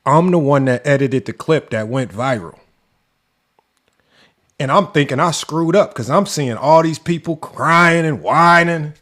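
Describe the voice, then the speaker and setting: A man's voice: a little high, unhurried, fairly bright tone. A man hosting a sports debate show, ranting in an exasperated, mocking way and firing off rhetorical questions. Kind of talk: heated commentary rant.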